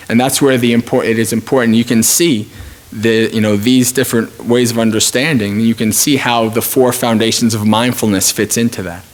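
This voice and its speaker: A man teaching meditation at a retreat, speaking informally and thinking aloud with frequent restarts. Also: mid-range voice. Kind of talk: dharma talk at a retreat.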